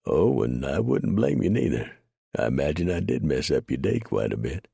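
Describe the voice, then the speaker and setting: A rough old mountain man talks in an easy folksy drawl with dry humor, as a male narrator puts him on. His voice is deep and gravelly with a husky edge. The sound is dry and close. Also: very animated, normal speed, mellow, no room sound, exaggerated voice. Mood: wry folksy.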